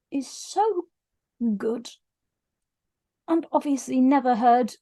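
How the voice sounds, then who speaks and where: Woman book vlogger, high voice, gushing and teary, lively casual retelling. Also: slow, long pauses. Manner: frequent restarts when moved. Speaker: book reviewer. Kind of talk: casual book review vlog.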